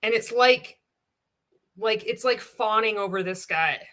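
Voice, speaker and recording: A woman's voice: mid-range voice, measured pace, fairly bright tone. A woman giving casual reaction commentary as a vlogger, blunt and sarcastic, swearing often and laughing between remarks.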